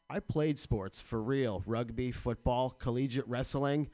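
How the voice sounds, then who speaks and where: A man's voice: mid-range voice, darkish tone, dry recording. A man hosting a radio show, ranting with crude, sarcastic comedy in a studio.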